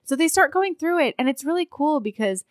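A woman's voice: high voice, fairly quick, no echo, clean studio sound. A woman co-hosting a casual chat, retelling a story and acting out the characters' lines. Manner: animated storyteller who acts out characters' lines. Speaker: podcast co-host recapping a romance novel. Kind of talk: casual chat, retelling scenes with quoted voices.

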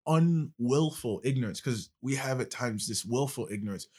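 A man's voice: mid-range voice, lively intonation, moderate pace, dark tone, slightly rough. A male podcast host in casual conversation, explaining at length with passion.

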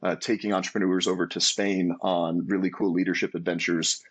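Low raspy guy, 40s, telling his story in an interview, lots of restarts. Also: brisk. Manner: earnest, animated storytelling with restarts. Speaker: guest, entrepreneur.

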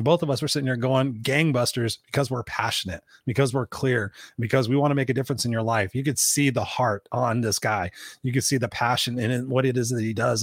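Fast, emphatic male talk-show host. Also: mid-range voice, dry recording, clean studio sound. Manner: emphatic, swears casually, addresses audience directly. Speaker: podcast host. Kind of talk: energetic motivational talk-show chat.

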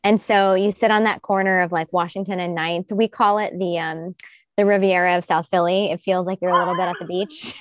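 A woman's voice: fairly low pitch, steady tone, brisk, no room sound, clean studio sound. A woman guest on a podcast who talks in an enthusiastic, casual way and laughs often. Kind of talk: casual chat.

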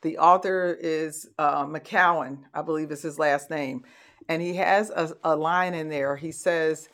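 A woman's voice: low voice, steady tone, unhurried, a bit bright. A middle-aged woman hosting a conversational motivational talk, telling stories and laughing easily. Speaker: host.

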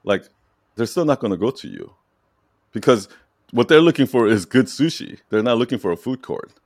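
A man's voice: medium pitch, very animated, normal speed, a little mellow, dry recording, studio quality. A man coaching a client in casual talk, emphatic and repetitive, checking in with "right?" and laughing lightly. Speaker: brand strategy coach.

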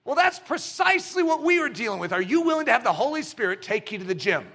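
Animated, bright-voiced preacher man. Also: extremely high pitch, quick pace. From United States. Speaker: pastor. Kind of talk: sermon. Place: church.

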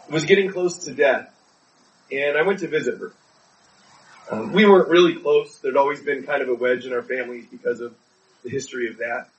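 A man's voice: a little high, far from the mic, highs cut off. A man preaching a sermon, telling a personal story in an earnest, pleading way.

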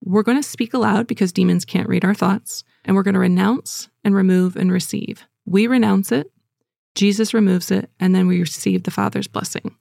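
Gravelly soft-spoken woman leading prayer. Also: medium pitch, fairly even intonation, moderate pace, dry recording, studio quality. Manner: earnest, gentle, casual with frequent fillers. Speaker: devotional teacher leading prayer. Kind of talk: devotional teaching and guided prayer.

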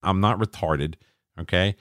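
A man's voice: sits low, measured pace, a bit bright, no room sound, clean studio sound. A middle-aged man co-hosting a podcast, swearing freely as he rants and mimics people in casual chat. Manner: profane, ranting, acts out quoted voices. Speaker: podcast co-host.

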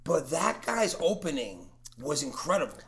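A man co-hosting a podcast, talking excitably and swearing often. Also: on the high side, normal speed, gravelly. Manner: excitable, swears a lot, repeats himself. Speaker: podcast co-host. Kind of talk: casual podcast chat.

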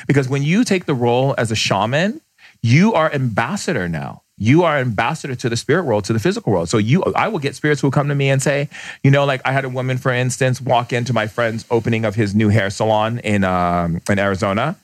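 A man, a podcast guest who is a shaman, telling stories in conversation, blunt and emphatic, often acting out the people he quotes with sudden jumps in pitch. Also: dry recording. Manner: emphatic, blunt, fast bursts. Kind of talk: animated storytelling in conversation.

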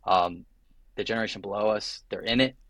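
A man's voice: lowish voice, a little fast, fairly bright tone, dry recording. A young adult man, a guest attorney, talking casually on a podcast, chatty and full of tangents and acted-out quotes.

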